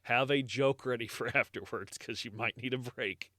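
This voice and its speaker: A man's voice: medium pitch, moderate pace, bright, forceful tone, no room sound, studio quality. A man co-hosting a podcast, reading grim history in a sombre, apologetic way. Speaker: podcast co-host. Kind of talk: casual true-crime podcast chat.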